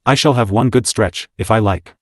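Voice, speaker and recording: A man's voice: fairly low pitch, normal speed, dry recording, clean studio sound, close to an everyday voice. A man reading the lines of a sleepy, grumbling teenage boy in an audiobook, drowsy and complaining.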